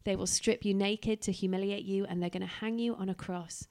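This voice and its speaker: A woman's voice: mid-range voice, fairly even intonation, a little fast, a little mellow. A woman preacher giving a sermon with dramatic storytelling.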